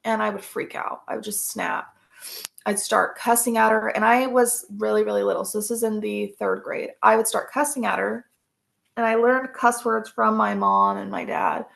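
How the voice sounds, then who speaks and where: A young woman talking as a podcast guest, her voice heavy with a gravelly, crackling fry. She tells her story haltingly, full of fillers and restarts, at a middling pitch for a woman. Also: animated, a bit bright. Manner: halting, many fillers and self-corrections. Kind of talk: personal testimony in interview.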